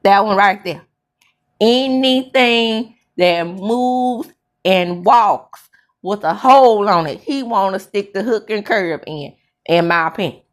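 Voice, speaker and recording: A woman recaps a reality show in an unhurried, drawn-out way. She is blunt and sassy and punctuates her points with sudden high exclamations. Her voice sits at an ordinary middle pitch.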